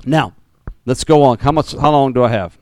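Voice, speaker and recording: A man preaching a sermon as pastor, animated, with sudden jumps in pitch and repeated words. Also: normal speed, a little hiss or hum.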